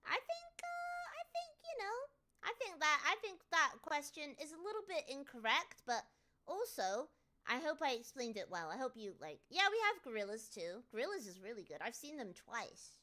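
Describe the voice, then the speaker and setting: A British VTuber streamer with a high, very animated voice, pushed and bright, answers viewer questions at a moderate pace. She's chatty and jokey, restarting often and slipping into playful put-on voices.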